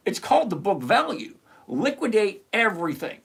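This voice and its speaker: With a high voice, lively intonation, and a measured pace, a man hosts a live stock-picking stream. He reviews charts at his computer and, blunt and sarcastic, explains stock numbers like a chatty teacher.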